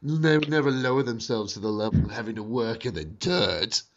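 A man talks through a casual review chat with friends, tripping over his words in excited restarts. His voice sits at an ordinary pitch. The audio is dull and lo-fi. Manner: animated, stammering restarts, quick asides. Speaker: podcast host.

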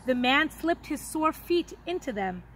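A woman teacher reading a children's story aloud in an expressive, dramatic way. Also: high voice, unhurried, a little hiss or hum, low-quality recording.

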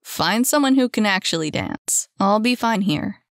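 A woman voicing a clumsy, gentle young man who speaks firmly with a gentle tease. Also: animated, unhurried, no room sound, studio quality. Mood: wry. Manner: lowered, firm, gently teasing.

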